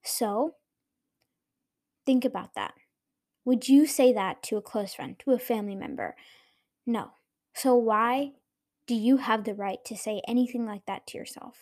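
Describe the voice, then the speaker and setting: A woman's voice: on the high side, a little slow, pauses often, a little mellow. Earnest young woman podcast host. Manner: earnest, encouraging, direct to listeners. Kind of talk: casual solo podcast talk.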